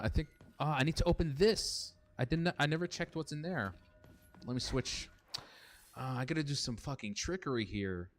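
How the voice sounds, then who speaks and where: A young man streaming a horror game, chatting casually, swearing and answering his chat. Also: medium pitch. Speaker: gaming streamer. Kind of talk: casual let's-play commentary.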